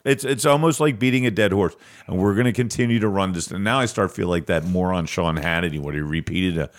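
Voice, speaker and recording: A man's voice: low-pitched, quick pace. A man co-hosting a local news podcast, chatting casually and joking around with his co-host. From United States. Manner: joking, quotes movie lines, laughs often. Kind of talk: casual banter.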